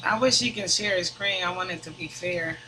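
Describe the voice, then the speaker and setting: A man co-hosting a debate, making calm, brief interjections. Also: high-pitched, a little fast, very noisy. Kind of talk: casual chat.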